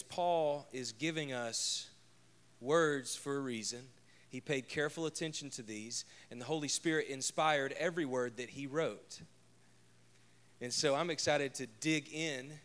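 A man with a smooth, medium-pitched, slightly bright voice preaches a conversational sermon as pastor. He's chatty and jokes around, sharing personal stories from home.

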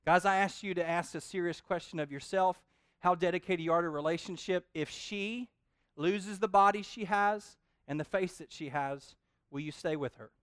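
A man preaching a sermon in an animated, joking way, often repeating his words. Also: high voice, moderate pace, clear, resonant tone, no echo, clean studio sound. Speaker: pastor.

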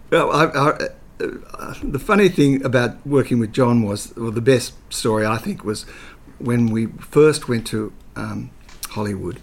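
Here an older man, a guest in an interview, rambles through anecdotes full of fillers at normal speed. His voice is medium in pitch and creaky, and he's hesitant yet chatty, sometimes putting on voices.

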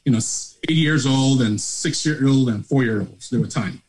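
Appearing as an interview guest, a middle-aged charity founder with a Nigerian accent tells his story in an emotional, motivational way, preaching with passion and swinging from hushed to loud. His mid-range voice is husky and moves at normal speed, over a rough recording.

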